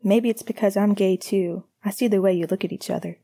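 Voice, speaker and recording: A woman voicing a gentle, curious young man who talks softly and candidly in a storybook reading. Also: medium pitch, steady tone, fairly quick, close to an everyday voice. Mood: earnest. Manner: soft, hesitant, candid.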